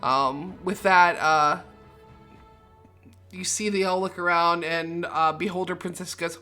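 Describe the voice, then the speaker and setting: Woman game master, bright voice, slow narration. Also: fairly low pitch, fairly even intonation, faint music behind.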